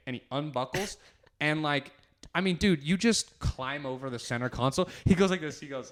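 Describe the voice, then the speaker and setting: A man's voice: a little high, quick pace. A man hosting his podcast, telling a road story in casual chat, laughing and acting out the dialogue. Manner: loose, laughing storyteller who acts out dialogue. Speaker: podcast host.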